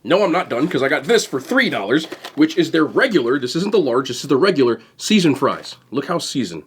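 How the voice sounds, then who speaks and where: Excited young man with a husky voice. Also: on the high side. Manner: fast, excited talk to camera while eating. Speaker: food vlogger. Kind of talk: casual mukbang vlog.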